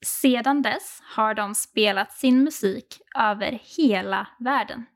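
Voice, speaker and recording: A woman's voice: a little high, measured pace. A woman whose first language is Swedish, tutoring a learner with patient, encouraging corrections in a casual lesson.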